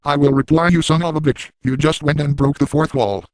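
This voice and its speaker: A man's voice: on the high side, steady tone, brisk, no echo, close to an everyday voice, rough recording. A man doing smug sleazy Drew Pickles. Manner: gleefully crude, boastful. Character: sleazy, smug middle-aged cartoon dad, boastful. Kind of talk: first-person narrated fan story.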